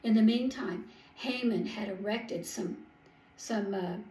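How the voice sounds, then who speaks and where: A woman's voice: medium pitch, slow pace, mellow, roomy sound, a little hiss or hum, low-quality recording. A woman telling a Bible story at home in a homey way, with small slips and self-corrections.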